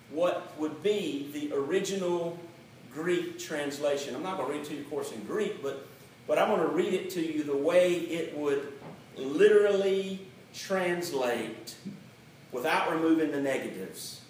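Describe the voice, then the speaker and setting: A man preaching a sermon as pastor, emphatic, slowing down to stress the key words. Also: on the high side, lively intonation, a little mellow, far from the mic, a little hiss or hum. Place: church sanctuary. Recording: very echoey hall, mic set back.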